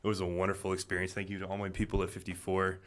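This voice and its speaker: Low-voiced young man accepting an award. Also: completely flat delivery, rapid-fire. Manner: grateful, rambling storyteller with fillers. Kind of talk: casual acceptance speech. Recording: noisy live venue.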